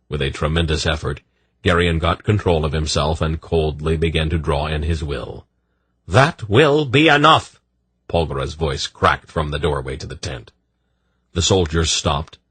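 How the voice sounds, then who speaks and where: A man narrating an audiobook in a measured storytelling manner. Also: rumbling low, slightly rough, no room sound. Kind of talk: scripted narration.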